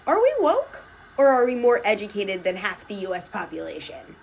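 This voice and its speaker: A woman's voice: mid-range voice, wildly swooping pitch, normal speed, creaky, a little hiss or hum. A woman speaking indignantly.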